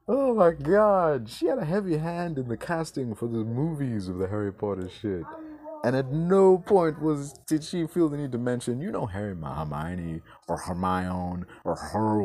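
Profane, animated male podcast ranter. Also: mid-range voice. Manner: profane, exasperated, sarcastic ranting. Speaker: podcast host. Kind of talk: ranting podcast commentary.

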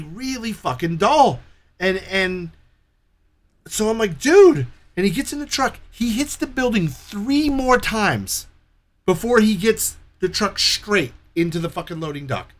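A man telling a story in casual chat, animated and profane, acting out the people in it. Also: high-pitched. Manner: profane, animated retelling with quoted dialogue.

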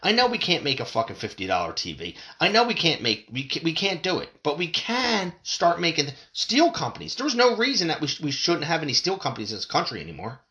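A man's voice: on the high side, very animated, brisk, hardly any pauses, sharp tone. A man ranting about politics and prices in a fired-up, swearing monologue as a podcast host. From United States. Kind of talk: profane political rant.

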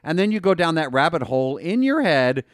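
A man co-hosting a podcast, talking casually and excitedly with many fillers and restarts. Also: on the high side, fairly quick, dry recording, studio quality. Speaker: podcast co-host.

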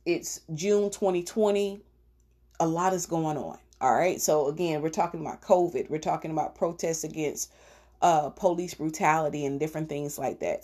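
A woman with a low voice hosts her own podcast, talking through parenting advice in a loose, chatty way. She speaks straight to the listener, with plenty of fillers and check-ins. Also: warm tone. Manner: chatty, conversational, with fillers and direct address. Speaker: podcast host. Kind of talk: casual advice talk.

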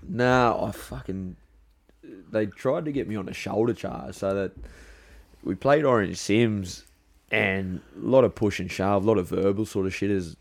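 A man's voice: lowish voice, measured pace, gravelly. An Australian man, a rugby league player, guest on a podcast, telling blunt, sweary stories with laughs in casual chat.

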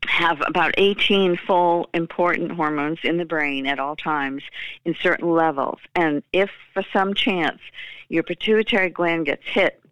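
A man guesting on a podcast answers in a smooth, clear voice of middling pitch. He explains things emphatically, laying out the details step by step. The recording is dry and close. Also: sharp tone, dry recording, rough recording. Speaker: filmmaker guest. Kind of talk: interview answers.

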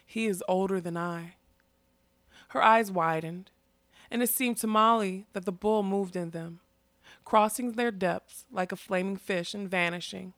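A woman narrating a fantasy story in a steady, expressive reading. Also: mid-range voice, measured pace, no room sound. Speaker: audiobook narrator.

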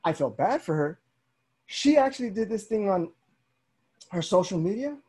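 This is a young man hosting a podcast, speaking at a moderate pace in a high-pitched, husky voice. He chats casually, bringing his stories to life and imitating the people in them.

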